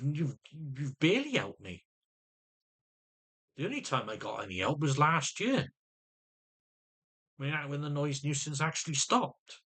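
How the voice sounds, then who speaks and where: A man's voice: fairly high pitch, a bit bright, husky. A middle-aged man in an agitated personal rant to camera, often stumbling and repeating words as he vents. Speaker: vlogger.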